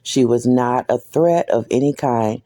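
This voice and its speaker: A man giving reaction commentary on a video, speaking deliberately with a sarcastic edge. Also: mid-range voice, warm tone.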